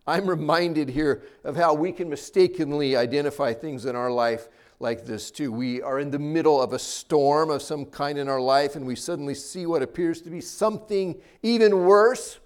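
A man preaching a sermon as a pastor, talking with animated, rising and falling emphasis. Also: on the high side, moderate pace.

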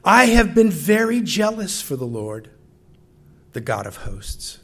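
A preacher voicing a desperate, exhausted old prophet who feels abandoned and pleads in anguished outbursts. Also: male voice, high voice, big pitch swings, slow, fairly bright tone, voice pushed up, heavily acted. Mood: bitter.

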